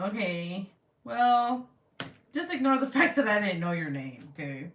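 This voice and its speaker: A woman's voice: mid-range voice, sing-song, slow pace, pauses often, a bit bright, distant mic. A middle-aged woman hosting a craft livestream, chatting casually with viewers, laughing at herself and swearing freely. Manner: giggly, self-mocking, swears casually. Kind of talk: casual livestream chat reading comments. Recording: roomy sound, voice away from the mic.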